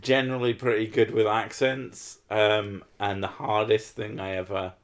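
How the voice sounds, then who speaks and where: A man's voice: fairly low pitch, little pitch movement, normal speed. A man hosting a livestream in casual chat, joking crudely and dryly. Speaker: stream host.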